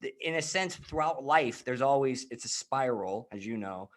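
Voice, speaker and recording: A man's voice: mid-range voice, lively intonation, moderate pace, a bit bright. A man hosting a casual podcast conversation, talking in a reflective, searching way with frequent restarts. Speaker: host.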